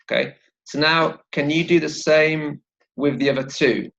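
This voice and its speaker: A man's voice: fairly high pitch, fairly even intonation, measured pace, creaky, a bit bright, highs cut off. A man teaching English vocabulary and pronunciation, patiently repeating words for learners to copy. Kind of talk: slow, clear teaching with pronunciation drills.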